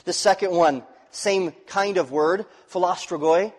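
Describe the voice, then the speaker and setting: A male pastor preaching a sermon, swinging from loud, rising emphasis to quiet, dropped phrases. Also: high voice, unhurried, hardly any pauses. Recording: long reverb of a large hall.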